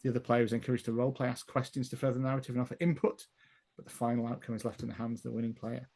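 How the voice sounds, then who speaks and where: Male GM, mid-pitched, easygoing narration full of ums and laughs. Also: level tone, very fast, darkish tone. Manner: laughing, loose storytelling with fillers. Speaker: game master. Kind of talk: narrating a tabletop game.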